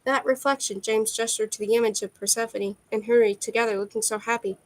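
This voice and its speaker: A woman's voice: fairly high pitch, fast talker, rough recording. Woman reading a novel aloud. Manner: steady first-person narration with occasional slips. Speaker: amateur reader.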